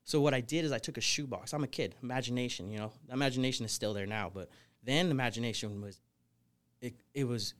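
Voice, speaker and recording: A man's voice: medium pitch, fast. A young man as a podcast guest, telling his life story casually and energetically, full of "you know" and "like". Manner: energetic, rambling, frequent fillers like "you know". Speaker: guest, snake wrangler.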